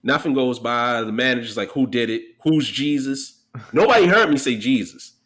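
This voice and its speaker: Animated man telling profane stories. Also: medium pitch, fairly quick. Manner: animated, profane storyteller acting out quotes. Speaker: podcast guest. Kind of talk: casual storytelling.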